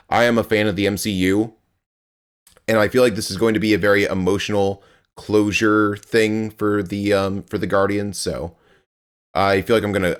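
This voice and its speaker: A man's voice: on the low side, smooth. A young man streaming a game live, chatting with his viewers in a rambling, playful way and grunting as he plays.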